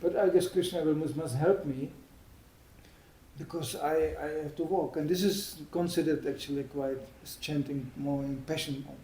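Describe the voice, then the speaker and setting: A man giving an informal, anecdotal spiritual talk, chatty and quick to laugh at his own stories. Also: on the high side, warm tone, a little hiss or hum. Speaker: devotional speaker. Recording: echoey room.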